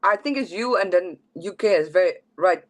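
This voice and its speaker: A woman's voice: lowish voice, lively intonation, moderate pace, low-quality recording. A woman guest panelist chiming in helpfully during casual panel chat.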